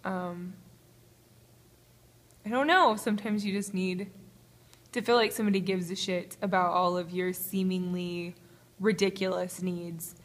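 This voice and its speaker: A woman recording a confessional video diary on a phone held to her face in a small gym, tearful and halting, laughing nervously through her words. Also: fairly low pitch, fairly even intonation. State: tearful, crying. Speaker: vlogger. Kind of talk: emotional personal video diary. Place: small apartment-complex gym, indoors.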